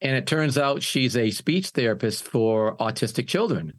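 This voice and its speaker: A man's voice: medium pitch, animated, normal speed. An older man, a singer and music producer, telling his story in a casual interview and often restarting his phrases.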